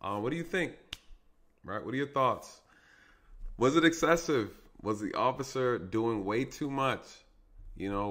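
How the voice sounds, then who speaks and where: A man's voice: on the low side, fairly bright tone. A man who is a police officer giving casual commentary on an arrest video, talking conversationally and often checking in with "right?" and "you guys".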